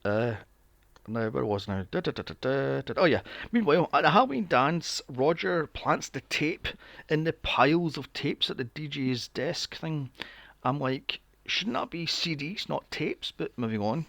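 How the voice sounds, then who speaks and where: A man's voice: fairly high pitch, animated, moderate pace, gravelly, a bit bright, dry recording. A young man recapping a film on a podcast, sarcastic and swearing freely with mocking asides. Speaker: podcast co-host. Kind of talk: casual movie recap chat.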